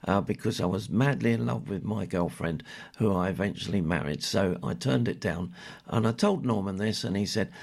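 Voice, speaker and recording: A gravelly, fairly low-voiced older man hosts a radio show. He chats and reminisces in a loose, rambling way, with plenty of hesitations. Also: normal speed, darkish tone. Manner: chatty, rambling with many uhs. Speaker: radio presenter. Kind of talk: casual radio presenting, reminiscing.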